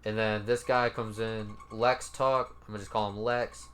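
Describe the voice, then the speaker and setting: A man's voice: fairly low pitch, level tone, moderate pace, fairly bright tone. A man giving casual, laid-back commentary as he reads out comments, cursing now and then and sounding mildly incredulous. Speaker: commentary YouTuber.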